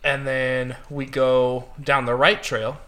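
A man with a bright, forward voice tells an easygoing, profane anecdote in casual chat among friends. A faint hiss sits under his voice. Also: medium pitch, little pitch movement, slow.

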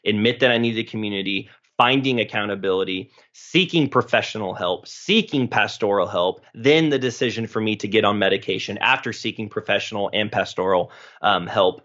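Earnest low-voiced man, dull lo-fi sound. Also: a little fast, hardly any pauses, fairly bright tone. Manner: earnest, emotional, tumbling phrases with self-corrections. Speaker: podcast guest. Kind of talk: personal story in a podcast interview. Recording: dull lo-fi recording.

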